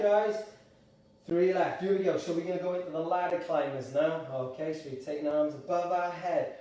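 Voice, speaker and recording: A man leading a live gentle exercise class, upbeat and encouraging, calling out participants by name and a little out of breath. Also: high voice, fairly even intonation, moderate pace, recorded from a distance. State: slightly out of breath. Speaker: exercise instructor. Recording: echoey room, voice away from the mic.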